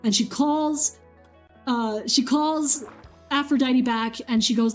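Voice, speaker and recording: A high-pitched young woman streams a game and retells a myth in loose, chatty fashion, swearing often and filling pauses. Soft game music plays faintly behind her. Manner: chatty, swears freely, many fillers. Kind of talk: casual storytelling while gaming.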